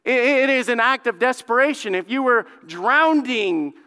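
Fervent high-voiced pastor in a reverberant hall. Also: male voice, moderate pace, clean tone. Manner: fervent, swings from hushed pleading to loud outbursts; repeats words when building a point. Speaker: lead pastor. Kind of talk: sermon.

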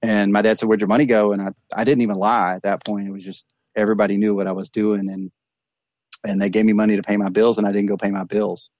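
A low-pitched man talks about his own recovery and his counseling work. His delivery is earnest and reflective, with frequent restarts and stammered repeats. The recording is dry, with no room sound. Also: flat delivery, fast talker, darkish tone, no room sound. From East Texas. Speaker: addiction counselor and guest. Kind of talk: candid podcast conversation.

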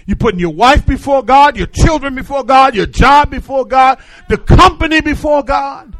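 A man preaching a sermon in call-and-response style, swinging from shouted declarations to hushed, confiding asides. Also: very high-pitched, moderate pace, no echo, low-quality recording.

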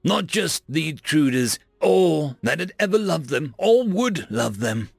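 A man narrating a fantasy story in an expressive storytelling manner. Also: fairly high pitch, unhurried, gravelly, husky, dry recording.

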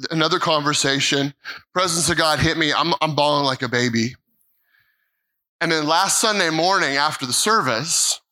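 An American man in mid-life preaches from a church platform, his voice ringing and brightly forceful. He sits a touch high for a man and tells his story in emphatic bursts, stumbling over restarts and repeating lines for weight. He acts out the dialogue as he goes. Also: poor audio. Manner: animated storytelling with repeated phrases and quoted dialogue. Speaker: pastor. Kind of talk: sermon. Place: church sanctuary.

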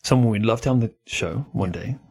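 A man co-hosting a podcast, chatting casually and telling animated stories full of comparisons. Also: on the low side, fast, gravelly, slightly rough. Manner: animated storyteller, leans on comparisons. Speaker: podcast co-host. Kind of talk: casual chat.

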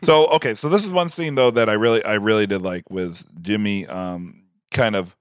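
A man co-hosting a podcast in casual chat, laughing often and reacting with animated outbursts. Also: lowish voice, moderate pace, clear, resonant tone, no echo, studio quality. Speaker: podcast co-host.

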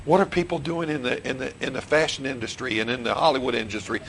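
A man's voice: mid-range voice, fast, gravelly, fairly bright tone, slight background noise, low-quality recording. A middle-aged man, a pastor preaching a sermon in a church, who repeats questions to the congregation and restarts his phrases. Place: church sanctuary.

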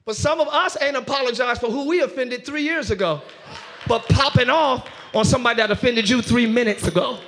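A man with a very high, bright voice preaches to a church congregation. He shouts and half-sings his points, then acts out arguments in quick voices. His tone is forceful and ringing. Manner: preaching with shouts and sung rises. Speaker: pastor. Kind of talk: sermon. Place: church before a live congregation.

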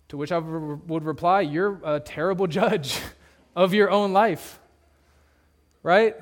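Male pastor, higher voice, earnest sermon delivery with emphatic hushed drops. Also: a little slow. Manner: earnest, emphatic preaching with sudden drops to a low hush. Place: church.

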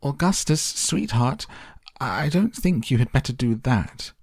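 A man voicing a fussy, hysterical middle-aged mother in a storybook reading, with a shrill, nagging delivery. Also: expressive, measured pace, husky, no room sound, clean studio sound. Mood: shrieking.

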